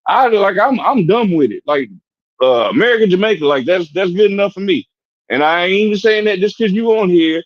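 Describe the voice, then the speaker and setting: Brief: high-pitched man on a podcast panel, stop-start delivery, dry and slightly muffled sound. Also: expressive, dry recording. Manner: halting, many restarts and fillers. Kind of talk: casual debate chat.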